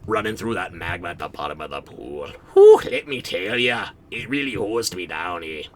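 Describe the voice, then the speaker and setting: A man's voice: deep voice, huge pitch swings, moderate pace, voice pushed down, full character voice. Man doing a folksy Canadian fire dog. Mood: sleepy, folksy. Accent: put-on Canadian. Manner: folksy, calls listener bud, says eh. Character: friendly laid-back male fire dog creature.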